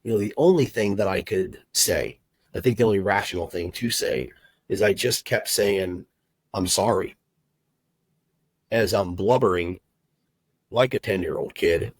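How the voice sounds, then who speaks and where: A middle-aged man telling his personal story as a podcast guest, heartfelt and halting, with many fillers and restarts. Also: on the low side, no room sound, low-quality recording. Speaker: guest, recruiter and agency owner.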